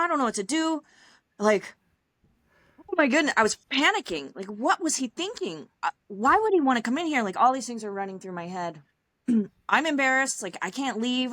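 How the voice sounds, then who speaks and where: A young adult woman, a podcast guest, telling her personal story in a casual, animated way, acting out other people's lines with laughs and fillers along the way. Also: fairly high pitch, no echo. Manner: animated, acts out quoted dialogue, frequent laughs and fillers.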